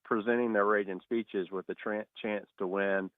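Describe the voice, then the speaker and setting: A man speaks with a low voice over a tinny, narrow-sounding phone line, with a dry sound. He is a state education official taking questions in a radio interview. He talks in a steady, measured way with frequent "uh" and "um" fillers. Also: no room sound. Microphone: phone call.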